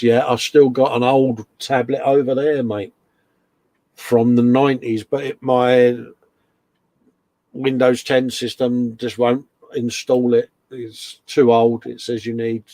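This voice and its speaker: A British man hosts a laid-back hobby livestream from his home workshop bench and keeps calling everyone mate. His voice sits at an ordinary middle pitch. The sound is close and dry, with no room echo. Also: level tone, unhurried, dark tone. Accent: British English. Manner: chummy and matey, calls everyone mate. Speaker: host of a model-building livestream. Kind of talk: casual chat, reading out viewer comments.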